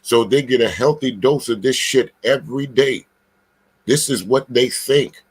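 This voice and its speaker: A man from Charleston, South Carolina, reacts to a clip in casual commentary, blunt and emphatic and swearing freely. His mid-range voice is husky, and he keeps stumbling over drawn-out filler sounds between points.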